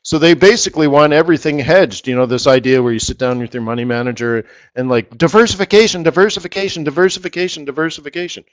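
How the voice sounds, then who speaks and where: A man's voice: mid-range voice, steady tone, fast talker, few pauses. A middle-aged man hosting a live forex strategy session, rambling and repeating words for emphasis. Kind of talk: live trading webinar talk.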